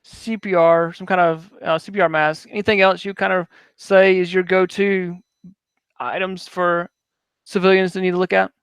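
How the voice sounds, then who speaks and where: A male podcast host and medic who tells a lively story in a casual, chatty way. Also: sits high, normal speed, clear, resonant tone, no echo.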